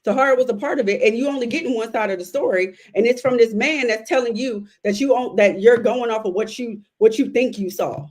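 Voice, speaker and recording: A woman's voice: a little high, brisk, hardly any pauses. Laid-back woman recapping scenes. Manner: relaxed storytelling with fillers, retells scenes. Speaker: podcast co-host. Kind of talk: casual recap chat.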